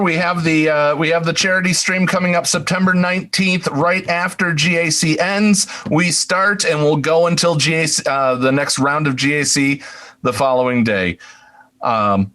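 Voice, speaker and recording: A man's voice: a little high, sharp tone. Easygoing man hosting a podcast. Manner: easygoing, laughs often, runs the segments. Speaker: podcast co-host. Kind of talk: casual chat.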